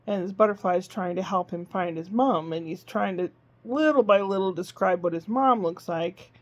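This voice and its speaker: A woman's voice: fairly low pitch, moderate pace, lo-fi sound. A woman vlogging in casual chat, rambling through a homey story with plenty of fillers, from her living room.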